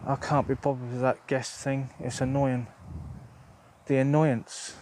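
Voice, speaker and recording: A man's voice: medium pitch, little pitch movement, a little slow, a little mellow, slight background noise. A middle-aged man chatting casually on a live stream outdoors on open moorland, rambling and swearing freely into a phone held at arm's length. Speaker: outdoor vlogger.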